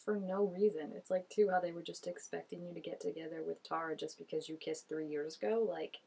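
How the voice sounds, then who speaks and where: A young woman with a deep, warm, slightly rough voice and some vocal fry gives brisk, steady reaction commentary. Hosting the reaction video, she's gushy and talkative, uses "like" over and over, and often breaks into laughter.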